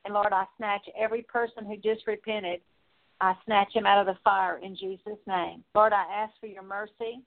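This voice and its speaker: A woman leading a spoken prayer of repentance, earnest and steady, working through a long list with frequent small fillers. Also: medium pitch, normal speed. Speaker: prayer minister. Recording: tinny phone-like line.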